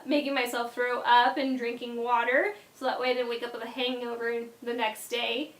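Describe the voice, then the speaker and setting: A young woman vlogger telling a casual story in an animated way, often dropping into quiet asides. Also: a little high, moderate pace, reverberant.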